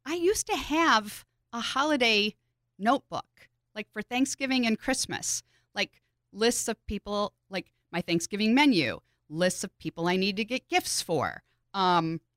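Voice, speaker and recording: A woman co-hosting a podcast in casual, chatty talk, gushing and quick to laugh. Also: mid-range voice, expressive, a bit bright, no room sound, clean studio sound. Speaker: podcast co-host. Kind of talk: casual chat.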